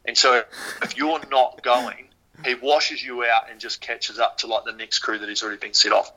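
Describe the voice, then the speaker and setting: A man with a New Zealand accent, a podcast guest and former rower, telling stories casually in an animated way, swearing freely and using lots of fillers. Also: medium pitch, moderate pace, rough recording. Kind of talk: casual storytelling.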